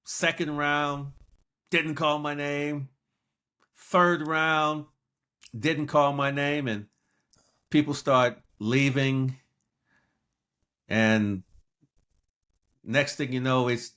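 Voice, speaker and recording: A man in his sixties from Los Angeles, United States, speaks as an interview guest, telling his story and acting out quoted lines. His mid-range voice is steady and a bit bright, and he talks very slowly with frequent pauses.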